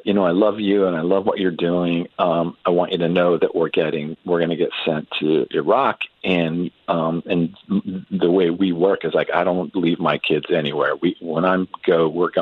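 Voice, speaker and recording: A man telling a long family story as a guest in a conversation, talking haltingly with many restarts and fillers. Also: low-pitched, steady tone, husky, no room sound. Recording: tinny phone-like sound.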